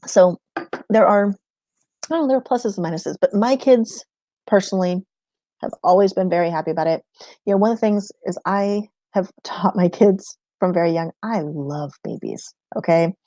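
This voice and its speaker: A woman's voice: mid-range voice, moderate pace, warm tone, no echo. A woman in a casual livestream chat, answering viewer questions about homeschooling, rambling and laughing often mid-sentence.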